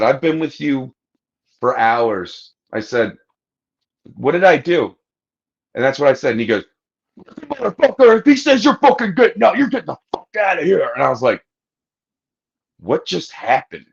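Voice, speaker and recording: A man's voice: on the low side, lo-fi sound. A man on a podcast telling a long story in casual chat, swearing freely and acting out what people said. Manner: profane, animated anecdote-telling, acting out quotes. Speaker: podcast host.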